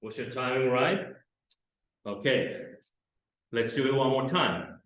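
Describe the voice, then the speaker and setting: Guy teaching fight drills to camera, talks real slow w lots of pauses, big echoey room. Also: medium pitch, a bit bright. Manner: slow, halting instruction with many pauses. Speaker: self-defense instructor.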